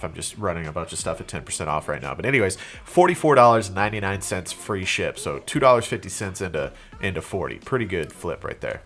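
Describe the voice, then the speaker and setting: Deep and a little bright, the voice belongs to a young man with a cold who sounds congested. He's a reseller vlogger, rambling casually through a show-and-tell of items he resold, with lots of fillers and false starts.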